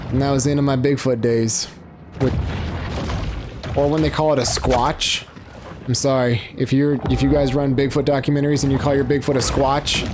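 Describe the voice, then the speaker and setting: A man's voice: medium pitch, background noise. A man rambling through casual gameplay commentary as a let's play host, often breaking off mid-sentence and searching for words. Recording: game music playing behind.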